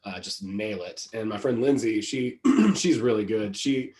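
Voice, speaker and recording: Low-voiced man in an echoey room. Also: a little mellow. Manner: easygoing, quick to agree, says "bro". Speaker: podcast host. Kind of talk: casual podcast chat.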